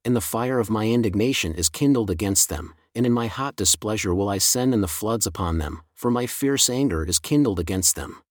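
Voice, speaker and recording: A man voicing God, an eternal male deity who speaks with stern grief in a solemn, measured scripture reading. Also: lowish voice, expressive, no room sound, clean studio sound.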